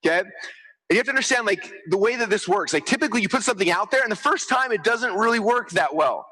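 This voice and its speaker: A man giving an energetic stage presentation to a live crowd, talking fast and acting out what people say. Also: high-pitched, slightly rough, low-quality recording. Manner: fast, excitable, acts out quotes. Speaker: speaker on stage. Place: large event stage.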